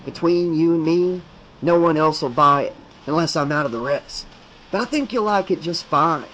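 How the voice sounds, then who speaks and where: A man's voice: fairly high pitch, normal speed, fairly bright tone, muffled recording, a little hiss or hum, natural voice. Man doing a sly, oily shop clerk. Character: pale smarmy male yogurt-stand clerk.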